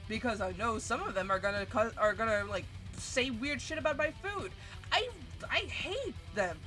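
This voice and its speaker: A woman in her twenties streaming, telling a story in a casual, animated and profane way. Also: on the high side, moderate pace. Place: home streaming setup. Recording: stream audio with music underneath. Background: background music.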